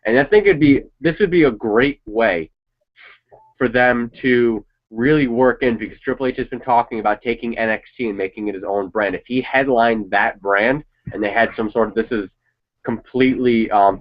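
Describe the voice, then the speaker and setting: With a lowish voice at a moderate pace, a man chats casually about a wrestling show, rambling, giving opinions, and swearing occasionally. The sound quality is dull and lo-fi.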